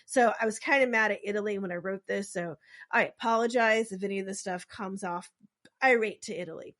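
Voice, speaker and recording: A woman's voice: mid-range voice, brisk, fairly bright tone. A woman casually telling a true story on a podcast, rambling with lots of filler words and acting out quotes.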